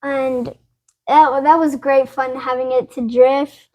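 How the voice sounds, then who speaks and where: A woman's voice: sits high, flat delivery, slow pace, darkish tone. A woman co-hosting a casual review, cheerful and replying in short agreements. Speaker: co-host.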